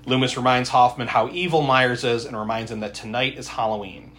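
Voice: mid-range voice, steady tone, a little fast, fairly bright tone. A podcast co-host recapping a horror movie in casual chat, laughing often and acting out the characters' lines. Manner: laughs often, retells scenes with voiced quotes.

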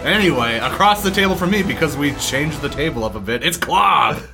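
A man's voice: fairly high pitch, lively intonation, brisk, gravelly, over music. A man hosting a nerd podcast, upbeat and giggly in casual chat. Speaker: podcast host.

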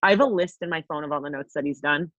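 A young woman co-hosting a podcast, telling a story in a brash, profane, animated way. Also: deep voice, rapid-fire, no room sound, highs cut off. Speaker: podcast co-host. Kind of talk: casual storytelling chat.

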